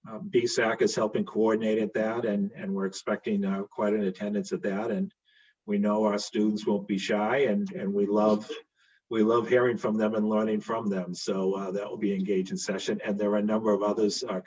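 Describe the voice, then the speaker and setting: A man's voice: fairly low pitch, darkish tone. A man with a Boston accent, a school committee member giving friendly closing remarks at an online meeting, with many fillers and restarts. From Boston, USA. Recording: dull lo-fi call audio.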